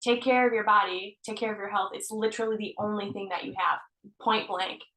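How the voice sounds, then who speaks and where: A woman, a healer, talking as a podcast guest in an earnest, animated way, laughing often and swearing now and then. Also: medium pitch, fairly quick. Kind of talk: casual conversation. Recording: roomy echo.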